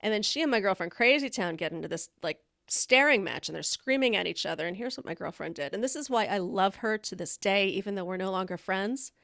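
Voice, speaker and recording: Hosting a live stream, a woman chats casually through candid stories, brisk and with hardly any pauses. Her middling-pitched voice is gravelly, fry-laden and a bit bright; she's blunt and laughs often, heard dry and close with no echo.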